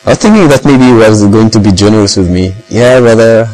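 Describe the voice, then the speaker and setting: A man's voice: fairly low pitch, animated, quick pace, a little mellow, faint music behind, rough recording. Man rambling with many fillers, hum behind. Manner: rambling, heavy use of fillers and Arabic phrases. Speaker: speaker recounting experiences. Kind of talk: casual talk in English.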